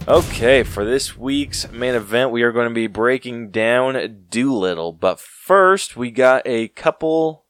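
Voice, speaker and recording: A man's voice: mid-range voice, expressive, measured pace, hardly any pauses, a bit bright, smooth, no room sound, faint music behind. A young man co-hosting a podcast in casual chat, laid-back and laughing often, teasing himself. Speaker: podcast co-host.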